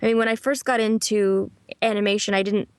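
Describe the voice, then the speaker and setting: Chatty, animated voice actress. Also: female voice, medium pitch, clean tone, dry recording. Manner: chatty and animated, laughs often, slips into quick impressions. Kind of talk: casual interview answers.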